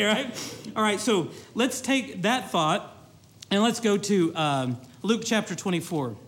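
A man with a notably high voice preaching a sermon. He grows animated, quotes scripture in old-fashioned wording, and keeps checking in with his listeners. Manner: animated preaching, with rising excitement and repeated asides to the congregation; quotes scripture in older King James wording.

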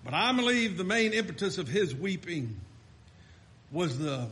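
A man's voice: sits high, very animated, a little slow, a bit bright. A man preaching a sermon, fervent and rising and falling, with frequent restarts.

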